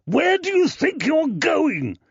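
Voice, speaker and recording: Man voicing a furious blustering gentleman, shouting, high strained voice, audiobook, dull dry sound. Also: wildly swooping pitch, normal speed, gravelly, no room sound, heavily acted. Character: blustering angry gentleman father, shouting denials. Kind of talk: audiobook character voice.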